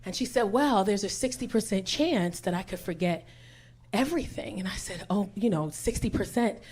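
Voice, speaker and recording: A woman's voice: medium pitch, animated, moderate pace, darkish tone. A woman in her thirties doing stand-up, telling brash, profane stories and acting out the people in them, on a club stage with a handheld mic. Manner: brash, profane, acts out quoted voices. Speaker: stand-up comedian. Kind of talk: stand-up storytelling. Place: comedy club stage with audience. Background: audience laughter.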